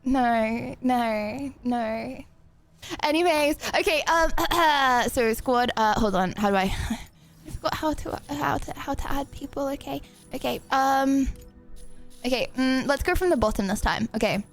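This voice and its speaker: A young English woman streaming a game, chatting bubbly and fast with lots of fillers and giggles. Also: sits high, soft background music. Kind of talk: casual live-stream chatter.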